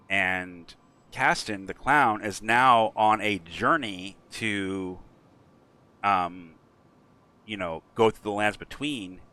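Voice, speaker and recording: A man's voice: on the low side, clear, resonant tone. A man streaming a game who rambles through a story in a casual way, with lots of fillers. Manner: rambling, frequent fillers, animated.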